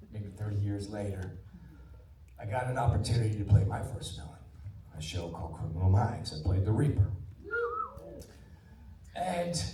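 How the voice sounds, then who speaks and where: An older man speaks to a cinema audience, lively and full of stories, hushing his voice whenever he quotes someone. His voice sits low, and he sounds a little away from the mic in a reverberant auditorium with a faint hum of room noise underneath. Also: far from the mic. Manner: animated anecdotal storyteller, drops to a hush for quotes. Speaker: actor introducing a film screening. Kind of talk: live storytelling to a cinema audience. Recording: roomy theater sound from off-mic.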